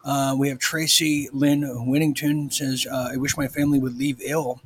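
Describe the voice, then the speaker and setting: A man's voice: medium pitch, flat delivery, moderate pace, a little hiss or hum, rough recording. A man hosting a casual live stream, chatting and reading out viewer comments. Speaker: show host.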